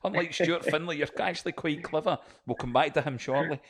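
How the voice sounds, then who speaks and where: A man's voice: a little high, a little fast, a bit bright. A man hosting a casual interview, joking and teasing his guest. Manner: joking, teasing, plugs sponsors.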